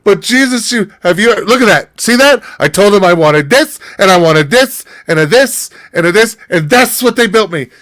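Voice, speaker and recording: A man voicing an indignant older woman who complains loudly and scornfully. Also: extremely high pitch, normal speed, hardly any pauses, voice pushed up. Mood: scornful outrage. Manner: exaggerated, outraged complaining.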